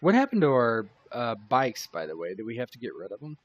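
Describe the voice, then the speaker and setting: Man, tabletop game player, relaxed, casual, middle pitch. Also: a little fast, slightly rough, no room sound, muffled recording, faint music behind.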